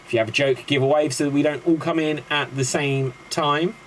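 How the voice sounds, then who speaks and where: A man's voice: on the high side, fairly even intonation, fairly quick, a little hiss or hum, low-quality recording. A man hosting a live improv comedy show, chatty and upbeat as he introduces the games. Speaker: host.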